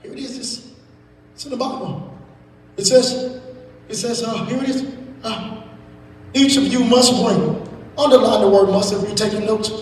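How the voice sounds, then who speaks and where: A man preaching a sermon as pastor, rising into shouted and sung climaxes and stretching out words. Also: high voice, normal speed, pauses often, slight background noise. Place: church sanctuary. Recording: echoey church hall from far off.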